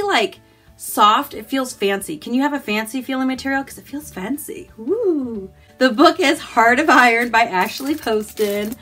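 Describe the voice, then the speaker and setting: A woman from the United States chatting casually and enthusiastically as she unboxes a book subscription box, gasping and making quick asides about each item. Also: on the high side, fairly bright tone. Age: adult, married.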